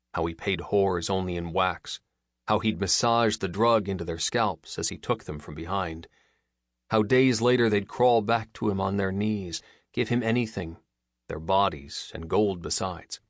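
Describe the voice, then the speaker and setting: A man reads a dark story aloud in a measured, even way. His voice is very low, and the recording is dry and close with no room sound. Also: no room sound. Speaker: audiobook narrator. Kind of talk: scripted narration.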